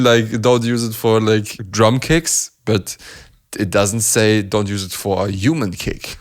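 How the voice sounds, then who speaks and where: A man's voice: on the low side, lively intonation, takes it slowly. Enthusiastic man. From Germany. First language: German. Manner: enthusiastic, laughs often, demonstrates sounds. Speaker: beatbox reaction host. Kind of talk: casual analysis commentary.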